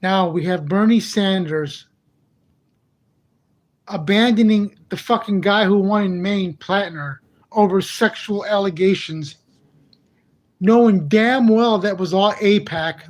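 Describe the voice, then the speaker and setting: A man's voice: sits high, a little slow. A man ranting in a heated, profane monologue for his own channel, repeating himself in exasperation. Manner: repetitive, exasperated. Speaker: channel host. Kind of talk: angry monologue vlog.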